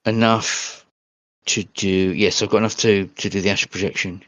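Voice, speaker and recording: A man's voice: lowish voice, fairly even intonation, moderate pace, fairly bright tone, no echo, poor audio. A man playing a tabletop game, musing and hesitant as he works out his options. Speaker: player. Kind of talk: casual tabletop play.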